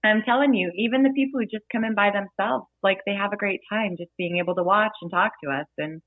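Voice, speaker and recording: A woman bartender telling lively, playful stories as a guest in a casual interview. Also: mid-range voice, fast talker, no room sound. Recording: dry phone-like audio.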